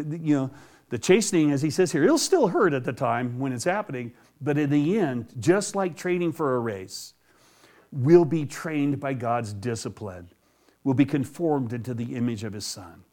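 Middle-aged man, somewhat high-pitched pastor, relaxed folksy sermon delivery with frequent laughs. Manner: folksy, laughs often, tells stories with animation. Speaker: preacher. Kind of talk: conversational sermon.

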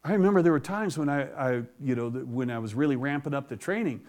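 A man's voice: mid-range voice, animated, fast, darkish tone. Folksy, laughing middle-aged male preacher. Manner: folksy, laughs often, tells stories with animation. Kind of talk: conversational sermon.

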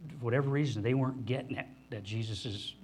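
A man's voice: fast talker, a little hiss or hum. Conversational man preaching a sermon. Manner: animated, acts out the disciples' voices in higher pitch; conversational, with restarts and asides to the congregation. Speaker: pastor. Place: church hall before a congregation.

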